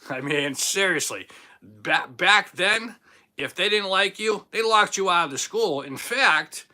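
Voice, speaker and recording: A livestream host in his fifties, from Boston, Massachusetts, with a strong local accent, reads viewer comments while joking and chatting. His voice is a little high with a sharp tone, and his manner is jokey, talkative and self-deprecating.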